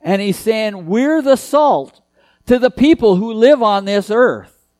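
Male preacher, high voice, dry close sound, earnest and emphatic. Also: lively intonation, slow, darkish tone, dry recording. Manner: earnest, emphatic preaching with repeated key phrases. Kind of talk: sermon.

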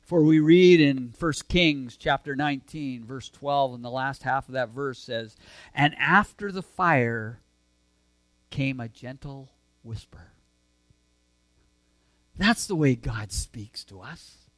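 A man preaching a sermon, earnest and conversational, swinging between emphatic lines and soft, hushed ones. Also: mid-range voice, slow pace, no echo. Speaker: pastor.

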